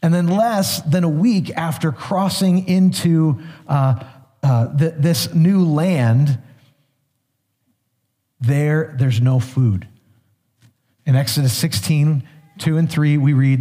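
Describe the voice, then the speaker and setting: A man's voice: a little high, takes it slowly, pauses often, mellow. A male pastor giving a sermon, retelling scripture in an easygoing, conversational way with small restarts. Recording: long hall reverb.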